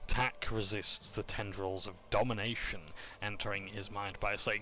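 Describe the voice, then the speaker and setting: A man's voice: lowish voice, flat delivery, unhurried, hardly any pauses, sharp tone, faint music behind. A man casually recapping a tabletop game session, joking and correcting himself as he goes. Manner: casual, with fillers, jokes and self-corrections.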